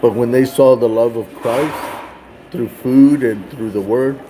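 A man's voice: mid-range voice, measured pace, background noise. A man telling a personal faith testimony in a casual way, often tagging sentences with "man". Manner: casual, ends phrases with "man". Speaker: Christian storyteller.

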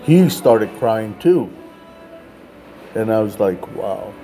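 A street minister tells a story in a relaxed, rambling way, leaning on "like" and "man". His voice is dark and mellow. Soft music plays faintly under him. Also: lowish voice, slow pace, rough recording. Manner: casual, fills with like and man. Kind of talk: telling a personal story.

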